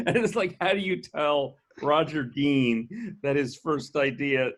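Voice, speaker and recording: Animated male storyteller acting out quotes. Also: on the high side, takes it slowly. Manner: animated, acts out quoted dialogue. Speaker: festival co-founder guest. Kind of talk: casual anecdotal storytelling.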